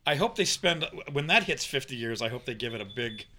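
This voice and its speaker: A man in a casual podcast chat, quick and chuckling. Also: mid-range voice, lively intonation, sharp tone.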